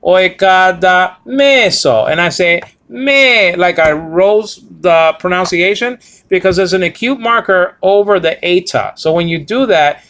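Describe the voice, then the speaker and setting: Guy with a kinda high voice doing a bible greek lesson, lots of uh and okay?, sounds words out slow. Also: a bit bright. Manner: halting, with frequent fillers and "okay?" checks; slowly sounds out words and spells letters. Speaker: Bible language teacher. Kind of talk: informal Greek grammar lesson.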